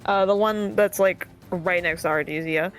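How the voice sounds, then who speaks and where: A woman's voice: fairly low pitch, fairly even intonation, moderate pace, soft background music. A woman playing a tabletop game, giggly and swearing casually as she talks. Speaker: player.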